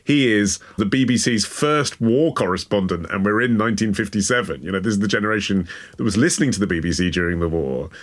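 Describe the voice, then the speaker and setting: A man's voice: lowish voice, fast. A man co-hosting a history podcast, reading a scripted intro with dry irony and then chatting casually. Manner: dry, ironic delivery. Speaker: podcast co-host.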